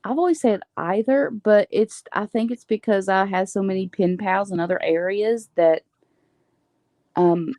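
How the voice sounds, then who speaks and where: A woman's voice: mid-range voice, moderate pace, dark tone, no room sound. A woman with a West Virginia accent chatting casually on a livestream, curious and quizzing her co-host on how she says words. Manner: curious, quizzes about pronunciation.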